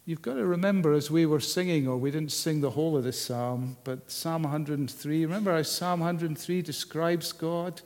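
A man preaching a sermon, measured and unhurried, often asking the listeners rhetorical questions. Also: on the high side, a little mellow. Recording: long hall reverb.

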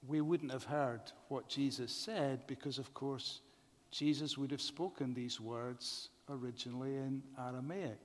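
A man preaching a sermon in a measured way, often asking the congregation rhetorical questions. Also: a little high. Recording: long reverb of a large hall.

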